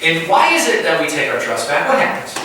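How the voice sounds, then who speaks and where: Man, pastor, informal sermon, bright tense voice, far from the mic in a roomy space. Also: on the high side, a little fast, slight background noise. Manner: animated, acts out little scenes, asks the room. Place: house church room. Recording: echoey room, mic far off.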